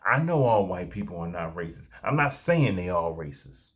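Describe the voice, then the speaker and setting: A man's voice: fairly low pitch, lively intonation, normal speed, hardly any pauses. A man hosting a commentary show, reacting to a clip and urging listeners to act, stacking repeated calls to action.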